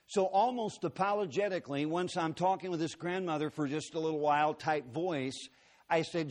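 A man preaches in a big auditorium, his voice pitched somewhat high. He tells his story earnestly and dramatically, acting out the quotes as he goes. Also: normal speed. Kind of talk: sermon storytelling. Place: large auditorium.

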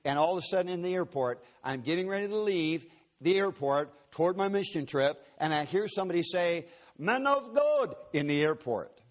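Slightly high-pitched and fairly quick, a man delivers a storytelling sermon to his congregation, sharing personal anecdotes peppered with folksy humor.

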